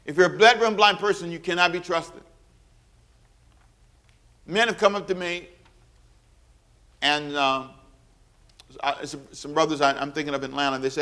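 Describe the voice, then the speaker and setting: A man preaching a sermon as pastor, animated and humorous, calling on the congregation to repeat after him. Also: fairly high pitch, moderate pace, long pauses. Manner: animated preaching with humor and audience call-and-response.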